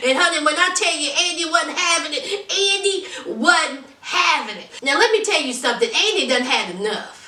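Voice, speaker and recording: Sassy, bright-voiced woman recapping. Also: sits high, animated, moderate pace, few pauses. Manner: sassy, dramatic, teasing. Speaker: reality TV reviewer. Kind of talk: casual recap commentary. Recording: roomy echo, distant from mic.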